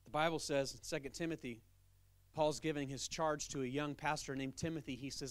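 Animated man preaching a sermon. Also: fairly high pitch, a little fast, dry recording. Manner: animated, emphatic, conversational. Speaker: pastor.

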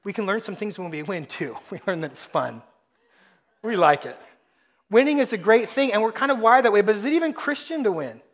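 A middle-aged pastor from Texas preaches a sermon in a high-pitched voice at a slightly fast pace. He tells joking family stories with animated flair, acting out different voices.

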